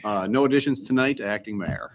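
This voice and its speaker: A city staff member giving a measured report to the council with frequent hesitations, in a council chamber. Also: male voice, lowish voice, a little hiss or hum. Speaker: city administrator presenting to council.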